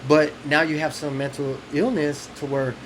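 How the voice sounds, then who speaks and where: A man's voice: fairly high pitch, level tone, moderate pace, crowd noise, poor audio. A man co-hosting a podcast in casual chat, using loose slang, laughing often and acting out quoted lines. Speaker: podcast co-host.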